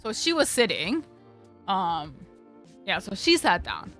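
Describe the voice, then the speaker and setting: A woman's voice: medium pitch, huge pitch swings, takes it slowly, fairly bright tone, soft background music. A young woman streamer telling a casual story, rambling with lots of fillers and swearing freely.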